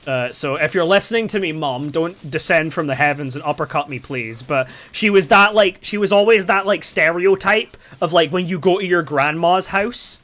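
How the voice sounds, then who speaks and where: A man's voice: high voice, fairly bright tone. A young man from the UK chatting casually and rambling, with lots of fillers and swearing, while streaming a game. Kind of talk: casual storytelling while gaming.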